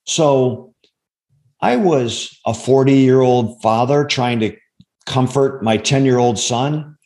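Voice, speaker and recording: A man in his sixties speaks as an interview guest, slow to find his words and often restarting. His voice sits at an ordinary middle pitch, and his manner is earnest and reflective. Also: darkish tone. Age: 60s. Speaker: interview guest, former undercover agent. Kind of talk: reflective personal storytelling.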